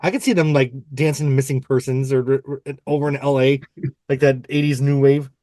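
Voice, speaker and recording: A man's voice: medium pitch, steady tone, brisk, warm tone, no room sound. A man hosting a music podcast in casual chat, playful and rambling, often wandering off on tangents. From United States. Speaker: podcast host.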